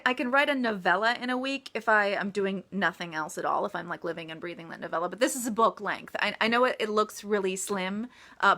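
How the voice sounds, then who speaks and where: A woman's voice: medium pitch, pushed and bright. An American woman, an author, chatting casually in a live-stream Q&A, often laughing and joking about herself. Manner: giggly, self-deprecating, chatty.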